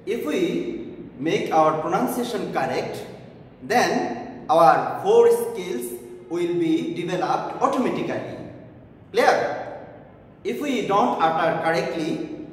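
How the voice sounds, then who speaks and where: Male English teacher, high, lively pitch, slow drilling delivery, heard from across a roomy, echoey space. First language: Bengali. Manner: repeats each phrase, checks with "okay?" and "clear?". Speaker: English lecturer. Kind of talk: classroom lesson. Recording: echoey room, voice far from the mic.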